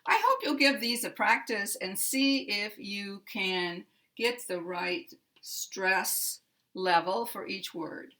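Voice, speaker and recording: An American woman teaching English pronunciation, explaining slowly and modeling example sentences with careful stress. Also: mid-range voice, expressive, pushed and bright. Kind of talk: slow, clear instructional explanation.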